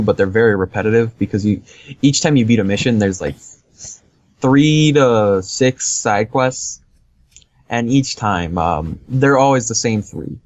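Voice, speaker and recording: A man's voice: medium pitch, a little mellow, no echo. A man co-hosting a podcast, casually rambling through a game review with lots of fillers and easy laughs. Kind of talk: casual chat.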